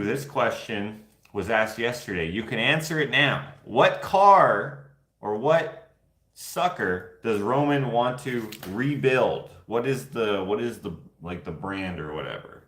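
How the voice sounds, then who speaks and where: A man's voice: fairly low pitch, a bit bright. A man vlogging and answering viewer questions in casual chat, rambling and jokey, laughing easily. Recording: echoey room.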